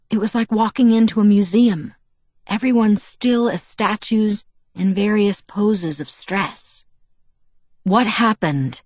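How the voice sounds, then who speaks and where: Low-voiced woman narrating an audiobook. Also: no room sound. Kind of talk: scripted first-person narration.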